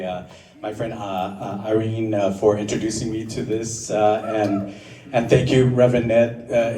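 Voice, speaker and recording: A middle-aged man telling a personal story at an open mic, halting and full of fillers, mixing grief with self-mocking humor. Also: mid-range voice. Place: underground performance venue on a live stage. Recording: roomy, distant live room with crowd. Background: audience laughing.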